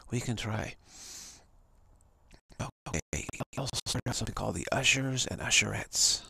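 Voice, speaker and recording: A man's voice: lowish voice, normal speed, gravelly, sharp tone, breathy edge, dry recording. A man on a live stream, telling a long hypothetical story in a rambling way with many restarts. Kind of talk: storytelling monologue. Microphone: home setup for a live stream.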